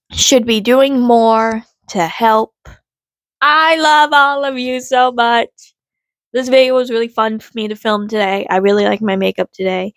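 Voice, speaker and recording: A woman with a fairly high voice rants casually to her vlog camera. She rambles and swears freely, dropping to low mutters and then rising into loud, exasperated outbursts. The sound is dry and close, with no room echo. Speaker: vlogger.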